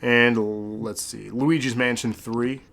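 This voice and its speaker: A man's voice: medium pitch, steady tone, takes it slowly, vocal fry, a bit bright, a little hiss or hum. A man hosting a podcast, chatting casually in a rambling, sentimental way with many fillers. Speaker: podcast host.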